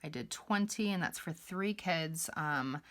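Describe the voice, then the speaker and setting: A woman's voice: low voice, unhurried, fairly bright tone. A young woman chatting casually through her budget on camera, rambling with fillers and a little out of breath. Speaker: budgeting vlogger.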